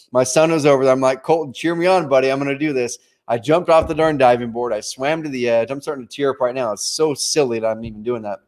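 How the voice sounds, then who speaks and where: A man in his late thirties giving a motivational planning webinar, earnest and personal, talking straight to his audience. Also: mid-range voice. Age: 30s. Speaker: company leader presenting a planning webinar.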